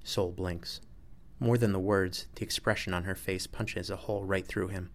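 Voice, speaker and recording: A man with a very low voice narrates a story in an even, measured way. His reading is steady and unhurried. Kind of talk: audiobook narration.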